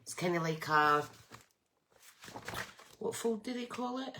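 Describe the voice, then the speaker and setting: Woman, middle-aged, craft live stream host, stuffy nose, friendly rambling chat, unhurried pace. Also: on the low side, lively intonation, noisy background. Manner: friendly, rambling, greets viewers by name.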